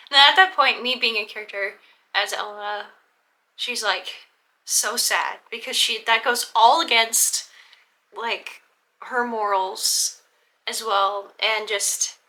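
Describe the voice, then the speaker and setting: A young vlogger tells the story of a LARP event she attended, rambling casually with lots of fillers and restarts and acting out the quoted lines. Her voice is on the high side, bright and forceful, slow, with frequent pauses.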